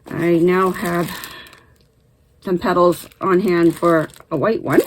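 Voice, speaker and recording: A low-voiced woman speaks slowly and steadily while hosting her casual knitting vlog from Canada, friendly and chatty but a little out of breath after illness. Occasional coughs and throat clearing come through, along with slight background noise on a rough recording.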